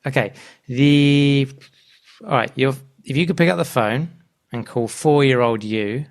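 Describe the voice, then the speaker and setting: A man hosting a podcast in a relaxed, conversational way. His pitch sits in a middle range, and he often pauses with fillers while he works out his next question. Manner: relaxed, hesitant, many fillers. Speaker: podcast host.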